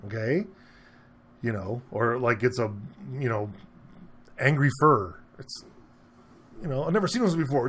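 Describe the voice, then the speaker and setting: A man's voice: unhurried, long pauses. Rambling man repeating "okay?". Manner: rambling, repeats himself, keeps asking "okay?"; animated, pitch jumps up when he gets worked up. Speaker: vlogger. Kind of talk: casual opinion monologue to camera.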